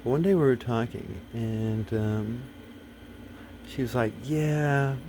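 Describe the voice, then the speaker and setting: A man's voice: mid-range voice, unhurried, warm tone, slight background noise. A man talking casually to the camera, rambling and blunt, full of fillers, restarts and swearing. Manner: profane, blunt. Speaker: video host.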